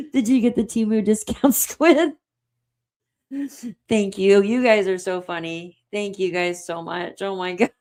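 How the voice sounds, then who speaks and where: A woman hosting a livestream in casual chat, reading out comments and laughing often. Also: medium pitch. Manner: laughs often, giggly and excitable. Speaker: livestream host.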